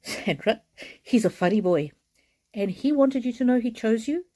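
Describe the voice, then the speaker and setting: Earnest woman giving a mellow card reading. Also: fairly high pitch, lively intonation, moderate pace. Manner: earnest, gently reassuring, with soft laughs. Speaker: oracle card reader. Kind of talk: live streamed card reading.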